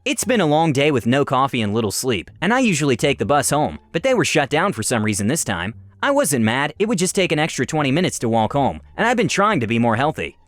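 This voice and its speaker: A man narrating stories, reading them aloud in an expressive, animated way. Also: mid-range voice, fast talker, hardly any pauses, no room sound. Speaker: story narrator. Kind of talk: storytelling narration.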